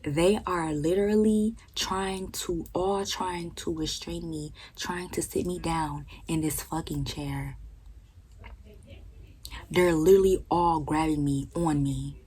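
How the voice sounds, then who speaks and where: A young woman with a very husky, breathy, low-pitched voice tells a storytime in casual vlog style. Her delivery is animated and profane, and she swings between sharp outbursts and hissed whispers. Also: takes it slowly, low-quality recording. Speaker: vlogger.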